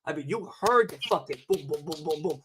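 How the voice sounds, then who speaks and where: A young man co-hosting a livestream, telling a story in animated casual chat and swearing often. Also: fairly high pitch, fairly quick, a little hiss or hum. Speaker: livestream co-host.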